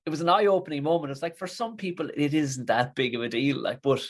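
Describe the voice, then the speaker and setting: A man with an Irish accent, a comedian chatting casually and telling an animated, swear-filled story. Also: a little high, brisk. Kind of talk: casual chat.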